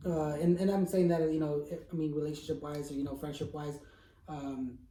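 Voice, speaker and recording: A man's voice: fairly high pitch, little pitch movement, brisk, mellow, a little hiss or hum. A young man chatting casually with friends, rambling with lots of fillers and frequent laughter. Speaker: friend in group chat. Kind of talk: casual chat among friends. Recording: roomy, distant from mic.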